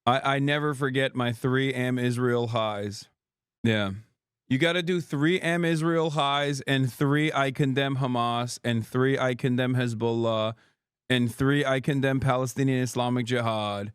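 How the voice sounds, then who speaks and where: A male streamer reacting to clips in sarcastic, mocking casual talk. His voice is smooth and clear, with a close and dry sound and no room around it. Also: medium pitch, steady tone, measured pace, dry recording. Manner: sarcastic, mocking, laughs often. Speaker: streamer host. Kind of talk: livestream reaction commentary.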